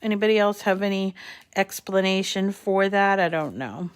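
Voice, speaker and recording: A crafting channel host, speaking at normal speed in a clean, mid-range voice, runs a live paper-crafting tutorial. She's casual and chatty, with frequent ums and small restarts while explaining each step.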